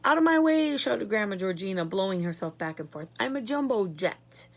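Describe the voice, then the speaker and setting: A woman's voice: mid-range voice, animated, moderate pace. A woman voicing a wild, rude old grandmother in a storybook, shrieking and scolding.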